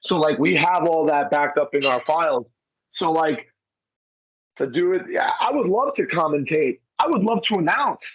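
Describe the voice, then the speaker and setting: A wrestler in casual chat with an interviewer, talking loosely and filling gaps with "you know" and "like.". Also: male voice, fairly high pitch, lively intonation, normal speed, breathy edge, dry recording, highs cut off. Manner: rambling, many fillers like "you know" and "like". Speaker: wrestler guest.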